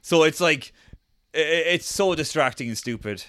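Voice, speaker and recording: A man's voice: fairly high pitch, expressive, moderate pace, fairly bright tone, no room sound. Rambling man, dry close sound. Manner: rambling, laughing, acts out scenes in silly voices. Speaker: podcast co-host. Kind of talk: casual comedic chat.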